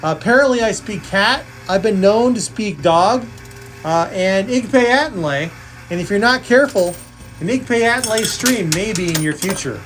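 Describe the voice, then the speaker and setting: A woman hosts a live coin-pusher game stream, cracking jokes as she calls the plays and counts totals aloud. Her mid-range voice is expressive and moderately paced, though the low-quality recording has a little hiss or hum.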